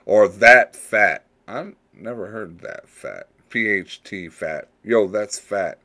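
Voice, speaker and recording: A male podcast host talks in a slow, slightly low voice. He rambles through a casual monologue with loose, unhurried phrasing. Every so often he breaks into loud, playful put-on slang voices.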